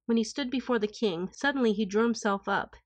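A woman reading an old tale aloud in a calm, even, formal way. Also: on the high side, brisk, no echo. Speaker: audiobook narrator. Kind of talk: scripted storybook narration.

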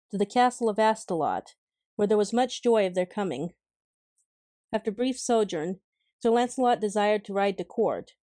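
A woman reading an old legend aloud in a gentle, measured storytelling voice. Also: mid-range voice, no echo. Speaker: narrator.

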